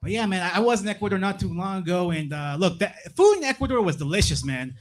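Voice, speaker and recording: A man's voice: high voice, lively intonation, quick pace. A young man from Massachusetts doing a stand-up comedy set on a club stage, laid-back and tagging his lines with "man" and "right?". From Plymouth, Massachusetts.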